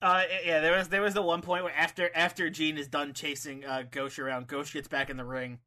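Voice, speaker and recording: Male co-host, high bright voice, giggly casual recap. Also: level tone. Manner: laughs often, quick, full of fillers. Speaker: podcast co-host. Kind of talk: casual wrestling recap chat.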